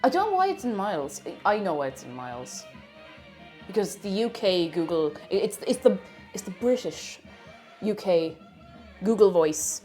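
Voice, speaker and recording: A woman's voice: lowish voice, sing-song, normal speed, soft background music. A woman with an Irish accent chatting casually on a live cooking stream, reading out messages from viewers. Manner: chatty, reads out chat, lots of restarts.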